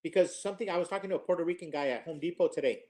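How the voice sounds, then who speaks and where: A man in his fifties, co-host of a casual chat, telling a story in a lively, quick, teasing way. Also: a little high. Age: 50s.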